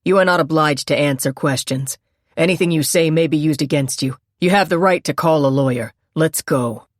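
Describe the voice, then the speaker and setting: A woman's voice: low voice, moderate pace, dry recording, studio quality. A woman narrator voicing a male detective who speaks in a clipped, scornful way. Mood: curt.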